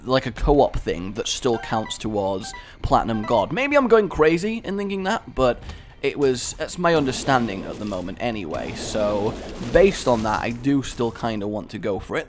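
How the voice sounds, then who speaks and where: A man's voice: medium pitch, sing-song, moderate pace, faint music behind. A man giving casual, rambling commentary over a game he is playing, with self-mocking jokes and asides. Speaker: gaming commentator.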